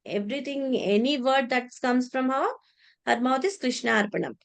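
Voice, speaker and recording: A woman telling a devotional story in a religious class, halting with many restarts and repeated words. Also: high voice, clear, resonant tone.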